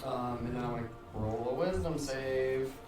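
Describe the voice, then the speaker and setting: A man's voice: mid-range voice, moderate pace, very echoey, distant mic, over loud music. A man playing a tabletop game, laid-back and a bit hesitant as he states his moves. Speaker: player. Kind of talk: casual tabletop play.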